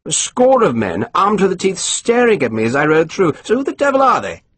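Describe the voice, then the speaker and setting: A man's voice: high voice, wildly swooping pitch, fairly quick, a bit bright, slightly rough, dry recording, pitched above the performer's own voice, exaggerated voice. A man voicing a pompous, condescending army colonel who turns irritable, read for an audiobook. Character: pompous, snappish middle-aged male army colonel.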